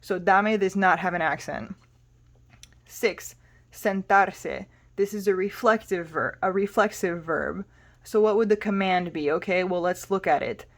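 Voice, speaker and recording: A woman's voice: lowish voice, measured pace. A woman teaching a Spanish lesson, explaining patiently and spelling words out letter by letter.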